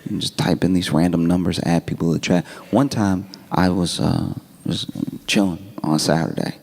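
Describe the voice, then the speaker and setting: A man doing stand-up, telling a story in a calm, wry, laid-back way. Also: sits low, normal speed, gravelly. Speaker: stand-up comedian.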